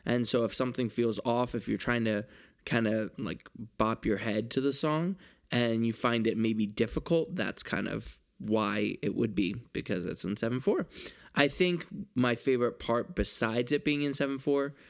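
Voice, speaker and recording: A man's voice: mid-range voice, normal speed, vocal fry. A man co-hosting a casual album review chat, upbeat and enthusiastic, explaining things plainly. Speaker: podcast co-host.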